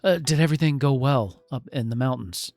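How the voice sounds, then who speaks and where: A man's voice: mid-range voice, fairly quick, darkish tone, no echo, faint music behind, natural voice. A man doing a humble, hesitant father. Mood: grateful. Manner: hesitant, apologetic. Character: gruff, humble middle-aged father, recovering.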